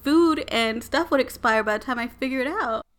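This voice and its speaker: A woman, telling a story as a podcast co-host in a casual, animated and exasperated way. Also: high voice, normal speed. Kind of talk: casual chat.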